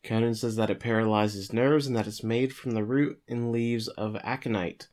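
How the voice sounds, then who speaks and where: Male podcast co-host at a middle pitch, recapping episodes in an easygoing summary style. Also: normal speed. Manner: steady plot summary with occasional fillers.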